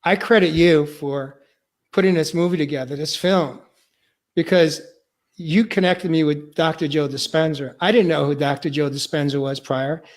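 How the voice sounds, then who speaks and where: A male podcast host sharing a personal testimony, earnest and halting, choked up and near tears. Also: fairly high pitch, steady tone.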